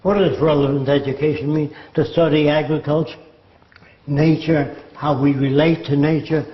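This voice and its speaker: A man's voice: a little high, fairly even intonation, normal speed. An older man giving a lecture-style talk, sardonic and mocking as he mimics quotes. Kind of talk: lecture monologue. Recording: echoey room, dull lo-fi sound.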